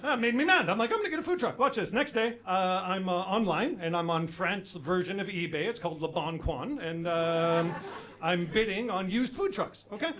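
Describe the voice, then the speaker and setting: A middle-aged man from Canada working a live comedy crowd with a high, lively voice. He rambles from one story to the next, mocks himself, and flares into loud shouted impressions. He speaks into a handheld stage mic in a club. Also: normal speed. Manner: rambling, self-mocking, bursts into shouted impressions. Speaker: stand-up comedian. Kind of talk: stand-up comedy set.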